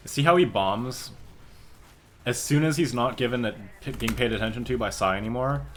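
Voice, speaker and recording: A young man casually commenting on a match replay, relaxed and offhand, swearing and now and then breaking into loud callouts. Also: mid-range voice, normal speed, slight background noise. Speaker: streamer reviewing a match demo.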